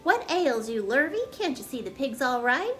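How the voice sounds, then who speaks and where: A woman voicing a flustered, excitable middle-aged male farmer who hollers his lines. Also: fairly high pitch, slow pace, soft background music, full character voice.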